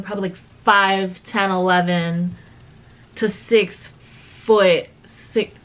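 A young woman hosting a reaction video, chatting casually and animatedly, often restarting her thoughts. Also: fairly high pitch. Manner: chatty, animated, trailing off and restarting, bursting into laughter. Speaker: YouTube reaction host.

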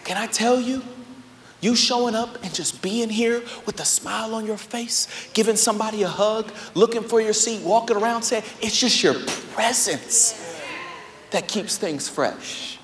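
Young pastor, preaching in an echoey hall. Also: male voice, high-pitched, a little slow. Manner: swings from loud exhortation to hushed, soft storytelling. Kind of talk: sermon. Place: large church auditorium. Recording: live sermon with echoey hall.

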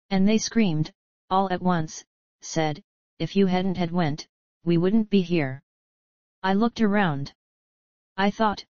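A man preaching a sermon, earnestly retelling a vision with halting repetitions and acted-out quotes. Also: high voice, a little mellow, no room sound. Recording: dull lo-fi archival sermon tape.

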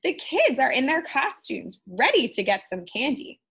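Sly snickering witch twin, high and lively, done by a woman. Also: moderate pace, husky, heavily acted.

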